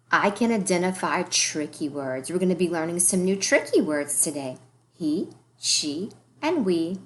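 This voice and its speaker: A woman teaching a recorded early-grade reading lesson, encouraging the children and sounding out words letter by letter. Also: fairly low pitch.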